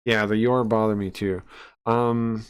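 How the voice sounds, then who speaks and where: A man's voice: on the low side, little pitch movement, a little slow, clean tone. A young man streaming casual reaction commentary, brash and mocking, swearing freely and tripping over restarts and fillers.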